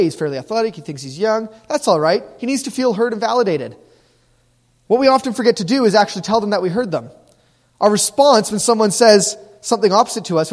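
A man with a high, light voice gives a relaxed, joking sermon as a youth pastor, laughing at his own asides. The sound rings with the long reverb of a big church hall. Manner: jokey, animated, laughs at own lines. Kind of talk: casual sermon.

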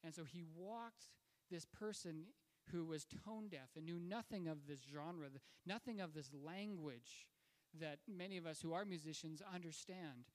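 A man's voice: fairly high pitch, darkish tone. A man preaching a sermon and telling a story in a conversational way, with fillers and restarts. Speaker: pastor. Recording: long hall reverb.

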